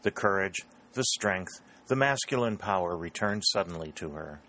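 A man narrating a novel as an audiobook reader, with a steady, even delivery. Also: low voice, moderate pace, rough recording. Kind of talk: scripted narration.

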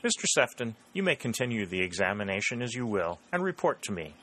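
A man voicing a quiet, dignified president who speaks formally. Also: lowish voice, big pitch swings, brisk. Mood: composed.

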